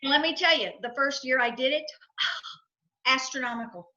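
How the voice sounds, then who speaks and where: High, bright-voiced woman, emphatic and lo-fi. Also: expressive, moderate pace. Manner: emphatic, repetitive, storytelling with acted quotes. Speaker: guest, financial advisor and entrepreneur. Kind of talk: enthusiastic interview talk.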